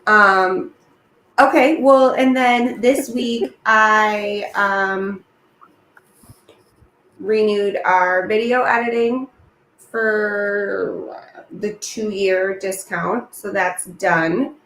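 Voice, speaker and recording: A woman's voice: medium pitch, steady tone, extremely slow, fairly bright tone. A woman hosting a casual online production meeting, chatty and upbeat, rambling with lots of fillers. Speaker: host. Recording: echoey room with faint noise.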